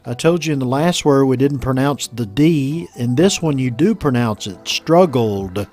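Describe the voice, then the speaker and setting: A man with an American accent teaching English pronunciation, reading a news story aloud and explaining words slowly and patiently. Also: mid-range voice, a little mellow, soft background music. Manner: slow, patient, repeats words for learners.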